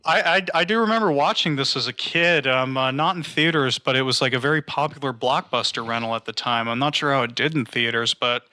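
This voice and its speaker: A man on a podcast panel cracks deadpan, absurd jokes in a bright, forceful voice. The recording is dry and close. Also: medium pitch, brisk, few pauses, dry recording. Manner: jokey, deadpan absurd humor. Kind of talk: casual podcast chat.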